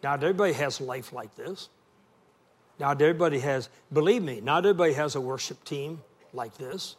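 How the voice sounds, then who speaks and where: A middle-aged man preaches with a folksy, storytelling warmth and draws the congregation into call and response. His voice sits a little higher than most men's. He keeps the sermon conversational and direct. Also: fairly quick. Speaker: guest preacher.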